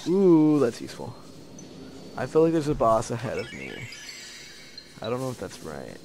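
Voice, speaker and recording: A man giving casual, excitable gameplay commentary, prone to frustrated outbursts and slang. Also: medium pitch, normal speed, pauses often, soft background music. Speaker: let's play gamer.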